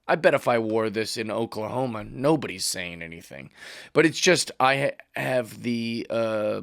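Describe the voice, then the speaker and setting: A comedian hosts his podcast in a loose, rambling monologue, wry and quick to mock himself. His voice sits at an ordinary middle pitch for a man. It is recorded close and dry on a studio mic, with no room sound around it. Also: no echo. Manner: rambling, wry, self-mocking. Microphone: studio mic with headphones.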